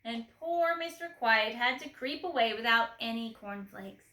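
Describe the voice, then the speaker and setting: A woman reading a children's storybook aloud expressively, gently asking the listener questions. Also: fairly high pitch, animated, normal speed, echoey room, poor audio.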